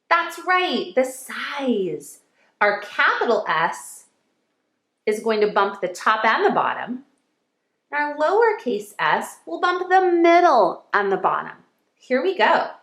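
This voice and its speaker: Woman, kindergarten teacher, sing-song, encouraging, slow, roomy echo. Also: high voice, a bit bright. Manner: cheerful, encouraging, stretches sounds for children. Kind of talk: slow, sing-song phonics lesson for young children.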